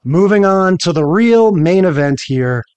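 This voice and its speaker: A man's voice: sits high, expressive, a little slow, darkish tone, clean tone, highs cut off. A man co-hosting a podcast, chatting casually about old sitcom episodes. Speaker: podcast co-host. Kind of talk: casual chat recapping TV episodes.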